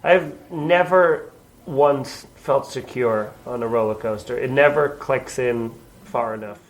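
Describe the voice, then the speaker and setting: A man's voice: medium pitch, slow, low-quality recording. A man from New York, a comedian guest, chatting casually in a basement with rambling, self-deprecating jokes. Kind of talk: casual chat.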